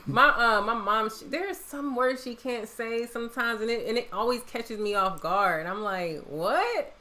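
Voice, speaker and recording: A woman's voice: on the high side, moderate pace, bright, forceful tone. A woman hosting a casual livestream from home, chatting, laughing often and reading viewer comments aloud. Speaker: host.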